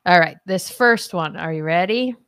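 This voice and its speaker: A woman's voice: lowish voice, lively intonation, moderate pace, fairly bright tone, smooth. A woman hosting a casual podcast chat and running a playful quiz, laughing often. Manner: giggly, chatty, laughs often. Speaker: podcast host.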